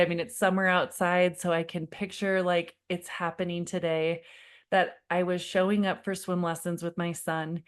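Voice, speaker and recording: Confiding woman parenting coach, lowish voice. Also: little pitch movement, normal speed. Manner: warm, confiding storyteller who addresses viewers as friend; acts out her own past pleading in quoted lines. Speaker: parenting coach hosting a live workshop. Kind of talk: live online workshop talk.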